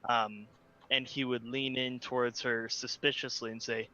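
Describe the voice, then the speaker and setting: A man playing a tabletop game, describing his character's actions in a deliberate way. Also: medium pitch, level tone, pushed and bright, lo-fi sound. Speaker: player.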